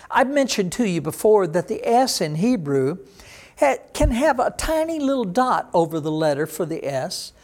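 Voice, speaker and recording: A man's voice: a little high, a little mellow. A middle-aged male pastor giving a sermon, explaining Hebrew words and pronunciation in a teaching manner.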